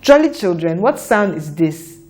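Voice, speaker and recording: A woman teaching a children's phonics lesson, sounding out letters and words slowly for young learners to repeat. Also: fairly low pitch, sing-song, a little mellow, slight background noise. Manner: slow, deliberate, repeats sounds for children to echo.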